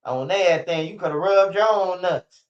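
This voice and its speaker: High-pitched and at a moderate pace, a young man vents to his stream audience, heavy on profane street slang and repetition. Dull lo-fi audio.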